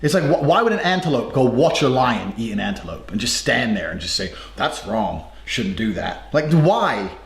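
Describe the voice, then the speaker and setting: A man's voice: mid-range voice, sing-song, fairly quick, creaky, hardly any pauses. A man delivering a cocky, mocking, profane monologue. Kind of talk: boastful monologue. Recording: roomy space with music behind.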